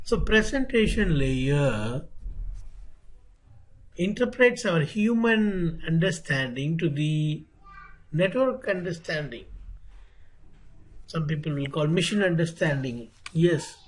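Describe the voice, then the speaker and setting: Slow, husky instructor. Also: male voice, on the high side, expressive, rough recording. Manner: deliberate, repetitive, asks rhetorical questions. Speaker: networking instructor. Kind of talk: online technical lecture.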